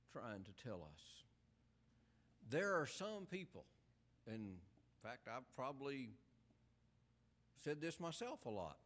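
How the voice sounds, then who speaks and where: A man preaching a sermon in an earnest, emphatic way, full of rhetorical questions. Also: on the low side.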